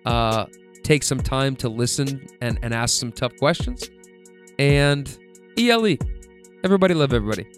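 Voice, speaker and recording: A man's voice: mid-range voice, expressive, moderate pace, soft background music. A man hosting a podcast, telling stories in a loose, profane, rambling way full of fillers. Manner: laid-back, profane, filler-heavy rambling. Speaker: podcast host. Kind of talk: casual storytelling monologue.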